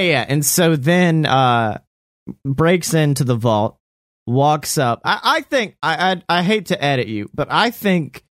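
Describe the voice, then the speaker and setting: A man casually making up a story out loud, rambling, laughing and swearing often. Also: mid-range voice, no echo, clean studio sound. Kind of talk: casual improvised story brainstorming.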